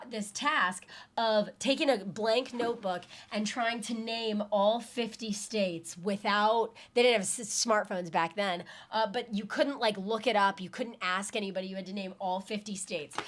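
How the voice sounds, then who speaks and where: A woman in her thirties co-hosts a casual live stream, her voice sitting at an everyday middle pitch. She talks in a chatty, playful way, full of quick wisecracks and friendly asides. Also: fairly bright tone. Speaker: co-host of a weekly live show.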